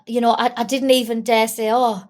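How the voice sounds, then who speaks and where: A young woman from England, tearful, talking candidly and haltingly with small giggles in an interview. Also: a little high, little pitch movement, darkish tone. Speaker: guest. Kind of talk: emotional interview.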